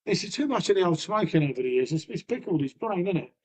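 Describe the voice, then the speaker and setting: A man with a Lincolnshire accent chats loosely on his own live stream. His voice sits high for a man, and he rambles, swears and calls everyone mate. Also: big pitch swings, fast, breathy edge. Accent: Lincolnshire English. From Lincolnshire, England. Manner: banters with chat, swears freely, trails off; folksy, peppered with "mate" and "innit". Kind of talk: casual live-stream chat.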